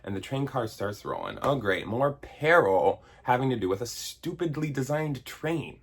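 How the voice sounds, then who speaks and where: A man's voice: medium pitch, big pitch swings, normal speed, breathy edge. A man in his thirties giving a sarcastic, exasperated comedic film review, swearing casually. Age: 30s. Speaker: video essayist reviewing a film. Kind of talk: comedic movie review rant.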